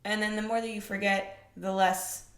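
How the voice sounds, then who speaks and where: A woman's voice: mid-range voice, moderate pace. Young woman trainer ranting on her podcast, swears a lot, keeps firing questions at you, echoey room. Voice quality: blunt, profane, emphatic. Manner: rhetorical questions, animated swings in loudness. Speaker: fitness podcast host, personal trainer. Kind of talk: casual monologue. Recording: roomy echo.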